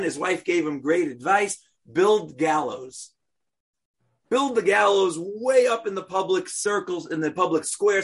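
A man tells a story to teach, lively and playful, with rhetorical questions and slang. His voice sits high and husky. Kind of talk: animated storytelling lesson.

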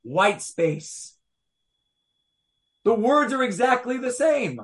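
A man with an extremely high, fairly bright voice that swings widely in pitch teaches Torah slowly to a small group. In this animated study he reads verses aloud and presses listeners with rhetorical questions.

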